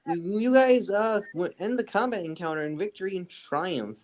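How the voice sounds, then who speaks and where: A man narrating as game master in a casual, halting way. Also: high voice, animated.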